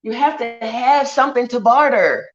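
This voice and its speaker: A woman's voice: on the high side, expressive, normal speed, dull audio. A woman talking bluntly and heatedly in a profane livestream rant. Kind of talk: ranting livestream monologue.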